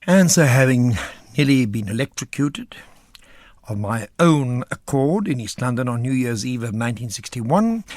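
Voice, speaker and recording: A man's voice: mid-range voice, moderate pace, no room sound, clean studio sound. An older man, an actor, telling theatre anecdotes in a flamboyant, theatrical way. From South Africa. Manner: animated, theatrical storyteller with flamboyant asides. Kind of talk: theatrical anecdote in a radio interview.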